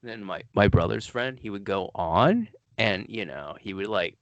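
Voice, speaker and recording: A podcast host tells stories in an animated, casual chat, laughing often. His voice is fairly low and measured in pace, and the audio sounds dull.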